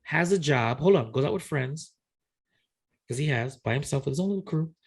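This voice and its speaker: A middle-aged man chats on a podcast, spinning a story with lively re-enacted dialogue and plenty of restarts. His voice sits slightly high for a man. It has a husky, gravelly edge. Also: a little fast. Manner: animated, re-enacts conversations, frequent restarts. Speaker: podcast co-host. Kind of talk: casual storytelling chat.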